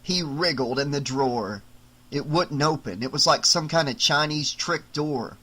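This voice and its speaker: A man narrating an unabridged audiobook in a measured, dramatic storytelling way. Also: a little high, pushed and bright, rough recording.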